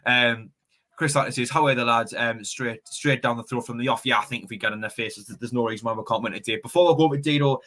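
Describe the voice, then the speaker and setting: A young man hosts a football fan stream at a fast clip. His voice is bright and forward. He chats upbeat, trips over words and repeats himself as he reads out the live chat. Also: medium pitch. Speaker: fan channel host reading the live chat.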